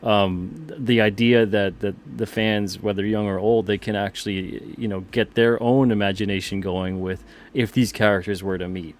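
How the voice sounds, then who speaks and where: A man talking casually as a comics publisher guest, enthusiastic and halting with many restarts. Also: fairly low pitch, flat delivery. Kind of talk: casual conversation.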